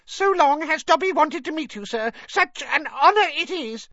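A man voicing a tiny, servile, excitable male house elf with a high-pitched squeaky voice, in an audiobook reading. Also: normal speed, no room sound, heavily acted. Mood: earnest. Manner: earnest, wailing, reverses word order. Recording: dull lo-fi dry recording.

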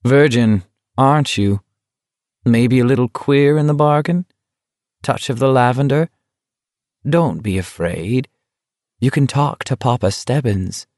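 A man's voice: mid-range voice, unhurried, pauses often, a little mellow, smooth, dry recording, clean studio sound, pitched above the performer's own voice, close to an everyday voice. A man voicing a young male walker who taunts and needles his rival in a sly, mocking way. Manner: sly, mocking, soothingly condescending.

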